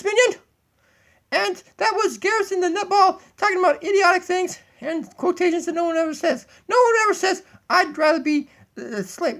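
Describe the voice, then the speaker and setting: A man's voice: extremely high pitch, creaky, fairly bright tone, pitched above the performer's own voice, exaggerated voice. Man doing Doggy, a bossy puppet empress. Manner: giddy, bossy, rambling rant with laughs. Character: bossy female puppet dog, self-crowned empress. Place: home kitchen. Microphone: tablet built-in mic.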